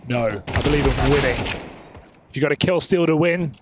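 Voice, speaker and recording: A male caster gives hyped, brash play-by-play for a live esports match. His voice sits a touch high. Gunfire and game noise roll loudly behind him. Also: moderate pace.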